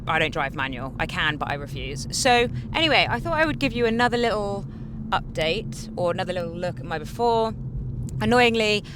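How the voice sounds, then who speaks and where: A woman's voice: mid-range voice, animated, fairly quick, noisy background. A young woman chatting casually to camera as a beauty vlogger, upbeat and confiding with her viewers. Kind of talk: casual vlog talk to camera. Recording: faint background music.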